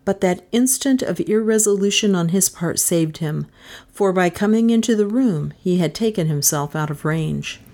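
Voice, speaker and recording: A woman reading a mystery novel aloud, expressive and rising in pitch at tense moments. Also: normal speed. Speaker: audiobook narrator. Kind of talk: dramatic audiobook narration.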